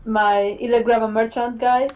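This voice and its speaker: A woman's voice: a little high, flat delivery, normal speed, darkish tone, a little hiss or hum, poor audio. A woman hosting a podcast, chatting casually and animatedly, swearing and laughing often. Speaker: podcast host, game developer. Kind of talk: casual chat.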